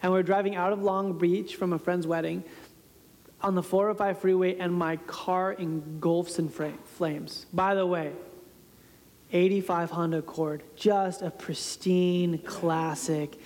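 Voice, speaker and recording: A man's voice: high-pitched, little pitch movement, measured pace, a little mellow. A man in his thirties giving a storytelling sermon as a pastor, conversational and self-deprecating, often laughing at himself. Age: 30s. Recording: reverberant hall sound.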